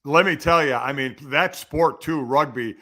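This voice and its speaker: A male football analyst joins a radio show as a guest and chats in a jovial, joking manner. His voice sits slightly high and sounds bright. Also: normal speed. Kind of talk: casual radio chat.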